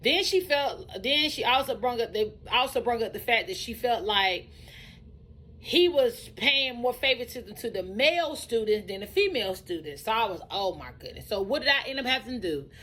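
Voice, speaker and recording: A woman who runs a truck driving school tells her own story in a casual, animated way, repeating phrases for emphasis. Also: on the high side, normal speed, low-quality recording.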